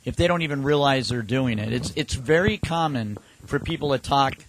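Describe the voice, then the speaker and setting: A man's voice: medium pitch, moderate pace, slight background noise, rough recording. A man co-hosting a casual talk show, telling rambling anecdotes and acting out quotes. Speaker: podcast co-host. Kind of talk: casual chat.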